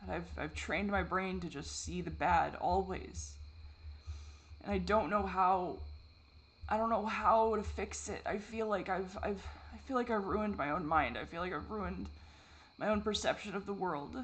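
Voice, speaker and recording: A high-voiced man speaks in a confessional vlog, stopping and starting and saying things over again. Frequent swearing runs through it as he moves between distress and soft, dry self-deprecation.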